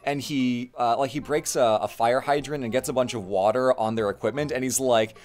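A young man co-hosting a casual talk, recapping cartoon episodes with lively storytelling and acted-out quotes. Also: medium pitch, a little fast. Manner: animated storytelling, acts out quotes. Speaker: co-host.

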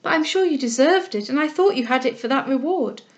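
Woman reader doing a humble, impulsive young girl, high and eager, earnest, lo-fi audio. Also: expressive, fast talker. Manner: eager and heartfelt, speaking up with spirit.

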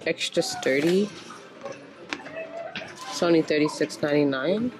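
Her low-pitched, unhurried voice carries a casual shopping vlog: a woman wanders a large store with the camera in hand, chatting to viewers and often exclaiming. Music plays in the background.

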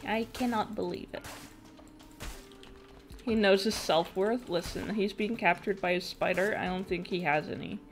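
Reacting to her game with swearing and laughter, a young woman chats casually on stream. She speaks in a mid-range voice at normal speed, pausing often, over soft background music.

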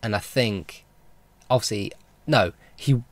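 Rambling, enthusiastic man with a lowish voice. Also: slow, dry recording. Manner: rambling, with many fillers and restarts; enthusiastic fan talk. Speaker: vlogger. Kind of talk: casual film recap.

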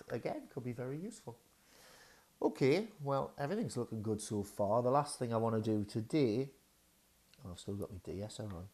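A man's voice: mid-range voice, darkish tone. Guy fiddling with a new wireless mic at home, lots of uhs and ums, just chatting it through, ordinary mid voice. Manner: thinking aloud, hesitant, many fillers. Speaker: gear reviewer. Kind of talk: casual unboxing review. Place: dining room at home. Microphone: wireless radio mic under test.

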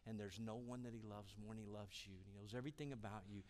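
A male pastor preaching a sermon, repeating his key lines and swinging between loud, forceful calls and hushed, quiet moments. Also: lowish voice, fairly even intonation, fast talker, big-room sound. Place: church sanctuary.

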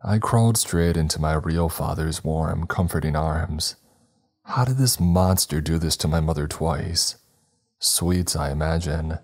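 A man giving a grave, measured, scripted horror narration. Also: rumbling low, breathy edge.

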